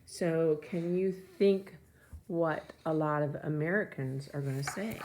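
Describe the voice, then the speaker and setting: A woman's voice: sits low, slow pace, noisy background. A woman teacher reading a children's novel aloud to her students, with chatty asides between the passages.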